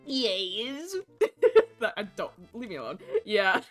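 A Twitch streamer chats with her viewers while playing a game, excitable and squealing over cute animals and swearing casually. Her voice is medium in pitch and slow-paced, with faint game music in the background.

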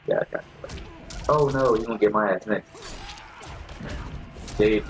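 A man giving excitable, swearing live commentary while playing a fighting game, reacting loudly to every move. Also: fairly low pitch, normal speed, long pauses, soft background music. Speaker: gamer.

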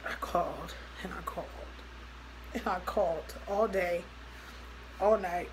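A woman's voice: fairly low pitch, unhurried, noisy background. A young woman vlogging a personal story, talking loosely and acting out both sides of each conversation. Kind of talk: storytime vlog.

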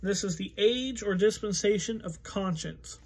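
Male pastor, high-pitched, relaxed conversational Bible teaching with frequent fillers. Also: a little slow, slightly rough. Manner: conversational, thinking aloud with fillers.

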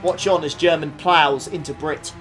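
A young man streaming a racing game, reacting excitably with frequent laughs and quick apologies while talking to his chat. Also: a little high, noisy background. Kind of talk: live racing game commentary. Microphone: desktop USB condenser mic.

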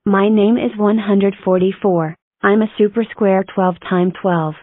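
A woman's voice: medium pitch, fairly even intonation, a little slow, dry recording, close to an everyday voice. Woman voicing a perky counting-block girl. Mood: announcing. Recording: tinny dry lo-fi audio.

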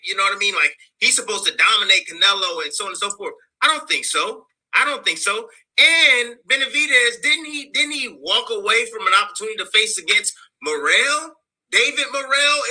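Emphatic man, bright husky voice. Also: high voice, lively intonation, a little fast, rough recording. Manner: casual, emphatic, many "like"s. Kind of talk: panel show discussion.

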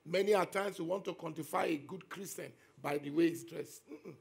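A pastor delivering an emphatic sermon, driving his points home by repeating them. His voice sits high and carries a gravelly, husky grain. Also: a little fast. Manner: emphatic preaching with repeated phrases.

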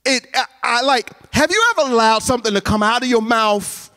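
At a college chapel, a man tells a funny personal story during a sermon, animatedly acting out the voices of the people involved. His voice is very high and his pace fairly quick.

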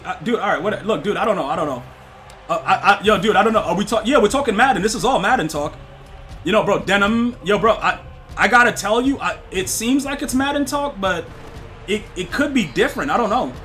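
A young man streams a football video game live, chatting excitably with viewers in slang and often repeating himself. His voice sits high and moves fairly quickly.

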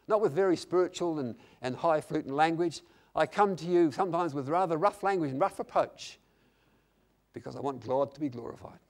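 An older man preaching a sermon, repeating lines for emphasis and swinging from quiet, intimate passages to loud, emphatic ones. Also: a little high.

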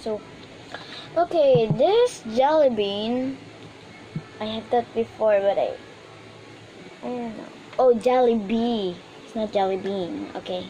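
A woman's voice: a little high, slow, long pauses, dark tone, dull audio. A woman casually chatting through a toy unboxing, rambling and hesitant with many fillers. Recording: noisy room background.

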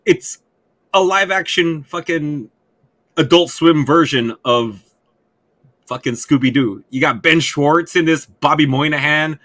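A man co-hosting a podcast in casual chat, excitable and profane as he rambles. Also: on the high side, a little slow. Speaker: podcast co-host.

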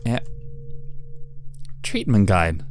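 A man's voice: on the low side, wildly swooping pitch, extremely slow, slight background noise. A man giving wry, chatty commentary while playing a game and reading its text aloud. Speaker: let's play gamer.

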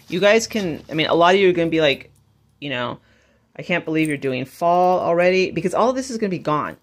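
A woman vlogger chatting casually and gushing as she shows off her shopping haul. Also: low voice. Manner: bubbly, chatty, gushing over finds. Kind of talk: casual haul vlog chat.

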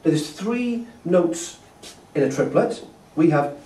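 Slow, expressive, and warm, a man with a voice on the high side leads a brass masterclass, patiently explaining tonguing syllables and demonstrating them. The recording catches him from a distance in a festival hall full of echo.

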